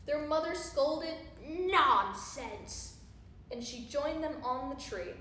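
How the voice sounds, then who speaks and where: A woman reading a rhyming picture book aloud in an expressive, sing-song way. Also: sits high, unhurried. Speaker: storyteller. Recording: roomy echo, faint background noise.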